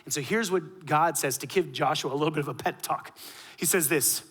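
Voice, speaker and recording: A man with a fairly high, bright, forceful voice delivers a sermon from the pulpit. He rises to loud, punchy emphasis, then drops to soft, low asides. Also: brisk, breathy edge. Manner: dynamic preaching, swinging between loud emphasis and quiet asides. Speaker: pastor.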